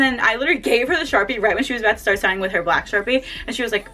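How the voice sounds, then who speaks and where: A young woman vlogger telling an excited story at home, gushing and saying "like" constantly. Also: fairly high pitch, very fast, few pauses. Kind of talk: casual story time.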